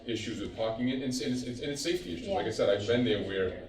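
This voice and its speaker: A man's voice: medium pitch, animated, fast. A man on a committee raising safety concerns at a meeting, rambling with restarts. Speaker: committee member. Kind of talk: meeting discussion. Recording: echoey room, far from mic.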